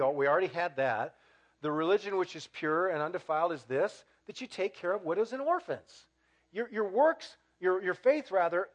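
A man preaching a sermon as pastor, getting animated and building to loud, emphatic peaks. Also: sits high.

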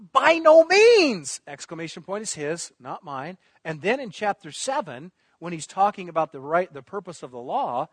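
Animated man preaching. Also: no echo. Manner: animated preaching, booming emphasis on quoted words, drops to quiet asides. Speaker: pastor. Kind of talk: sermon.

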